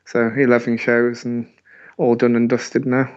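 A man's voice: medium pitch, monotone, measured pace. A man from near Manchester co-hosting a casual podcast, laid-back and a bit hesitant. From Manchester area, England. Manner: laid-back, hesitant, stumbles over words. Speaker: podcast co-host. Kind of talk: casual chat. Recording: slightly dull audio.

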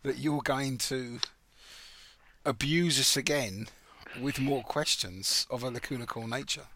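A man's voice: medium pitch, measured pace, bright, forceful tone, dry recording. A man hosting a podcast, chatting casually during a quiz, laughing often and mocking himself. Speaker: podcast host.

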